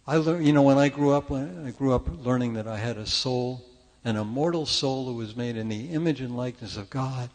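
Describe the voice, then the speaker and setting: An older man speaks at a church service in the chatty, storytelling style of a conversational sermon. He pokes fun at himself and often stops to restart a sentence. His voice sits at an ordinary pitch and carries the long reverb of a large hall. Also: fairly quick. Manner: chatty, self-deprecating, frequent restarts. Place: church sanctuary.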